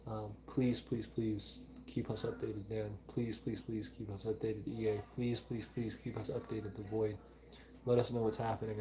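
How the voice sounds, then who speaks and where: Low-voiced man, mild Southern drawl. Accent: mild Southern US (Alabama). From Alabama, United States. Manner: earnest, repeats pleas, reads chat aloud. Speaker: live stream host. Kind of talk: live stream chat, reading comments.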